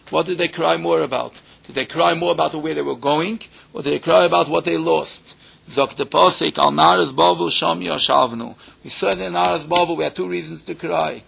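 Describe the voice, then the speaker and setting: Gravelly rabbi with a lilt. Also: male voice, fairly high pitch, bright, forceful tone. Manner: singsong study-hall cadence, rising when stressing a point. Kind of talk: Torah lecture. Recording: dull lo-fi recording.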